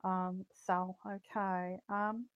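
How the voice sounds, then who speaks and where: A woman's voice: mid-range voice, level tone, very slow, smooth, dry recording, highs cut off. A woman hosting a psychic livestream, chatting casually and greeting viewers by name with plenty of ums and uhs.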